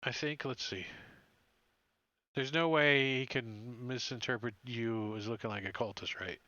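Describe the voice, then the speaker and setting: A man narrating a tabletop game as dungeon master, his voice bright and forward. He takes his time and rambles loosely, filling gaps with "uh" and "like". The sound is dull and dry, like an online voice chat. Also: mid-range voice, unhurried, no echo.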